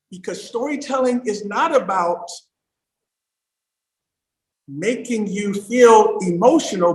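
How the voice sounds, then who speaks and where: A man giving an emphatic livestream talk as a storytelling coach, swinging from loud bursts to hushed asides. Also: sits high, roomy sound, poor audio.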